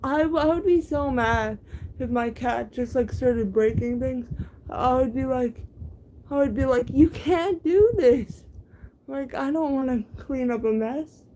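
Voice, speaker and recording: A young woman talks slowly in a high, soft-edged voice, stumbling and restarting her words as she chats casually with her viewers. Her tone stays mellow and unhurried, broken by little giggles. A faint hum sits behind her. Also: steady tone, rough recording. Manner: stammering, frequent restarts and giggles. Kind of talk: casual chat.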